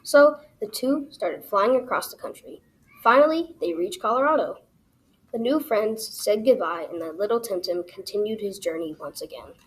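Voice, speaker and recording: A woman reading her own children's story aloud as the storyteller, in an expressive, animated way. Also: medium pitch, moderate pace, low-quality recording.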